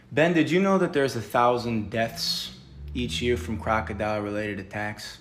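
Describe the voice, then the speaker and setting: A man giving a mock-serious comedic lecture, intense and deadpan, dropping to whispers and rising to loud outbursts. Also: medium pitch, moderate pace. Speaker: comedy sketch creator.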